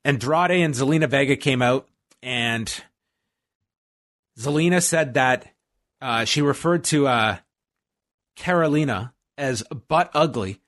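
A man's voice: medium pitch, a little slow, pauses often, fairly bright tone. A man co-hosting a podcast, casually recapping a show in a rambling, stop-start way with lots of fillers. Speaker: podcast co-host. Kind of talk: casual wrestling recap chat.

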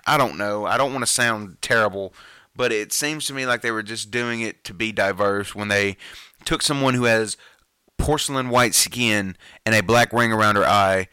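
Male podcast host, lowish voice with a forceful edge, dry close mic, excitable fan rant. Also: clear, resonant tone, dry recording. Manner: gushing, excitable fan talk. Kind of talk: casual movie-trailer rant.

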